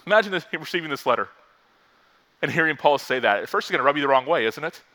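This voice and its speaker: A pastor from Florida preaching a lively sermon and acting out the quotes he reads. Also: on the high side, fast.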